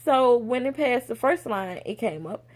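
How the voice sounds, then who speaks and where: A young woman vlogger telling a personal story in a casual, animated way, acting out the voices of others. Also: a little high, normal speed. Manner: animated, acts out quoted voices.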